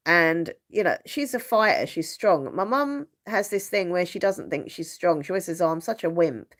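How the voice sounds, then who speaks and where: Chatty woman with a lowish voice. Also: animated, moderate pace, a bit bright. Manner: chatty, rambling, laughs often. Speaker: channel host. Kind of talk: casual live stream chat. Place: upstairs bedroom at home.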